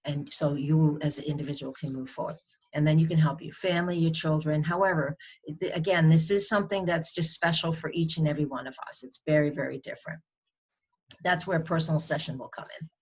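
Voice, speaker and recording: A woman's voice: low voice, steady tone, brisk, husky. A woman with a New England accent giving a weekly astrology forecast in a conversational, rambling way, often restarting her sentences.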